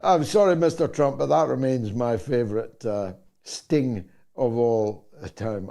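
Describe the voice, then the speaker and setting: Slow, dark-voiced talk show host. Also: male voice, mid-range voice, gravelly. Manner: deliberate, sardonic, with drawn-out pauses. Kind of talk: radio talk show hosting.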